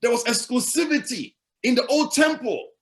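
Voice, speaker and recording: A man's voice: very high voice, expressive, moderate pace. A male pastor preaching a sermon, emphatic and repetitive, asking the congregation rhetorical questions.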